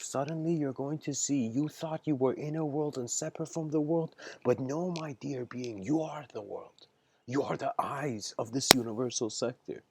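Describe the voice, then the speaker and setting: A man giving an improvised philosophical lecture on a livestream, searching for words, restarting phrases and checking in with his listeners. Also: medium pitch. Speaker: spiritual lecturer.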